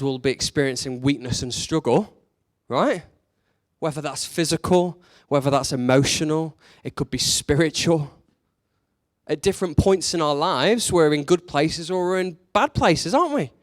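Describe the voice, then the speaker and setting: A man's voice: a little high, moderate pace, no room sound. Male preacher, conversational sermon delivery, rhetorical questions, dry and upfront. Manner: conversational and candid, with rising emphatic questions.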